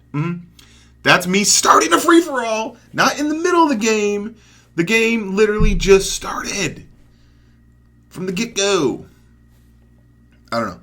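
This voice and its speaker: A young man giving casual commentary over his own gameplay, excitable, dropping from mumbled asides to loud hype shouts. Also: medium pitch. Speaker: gaming commentator.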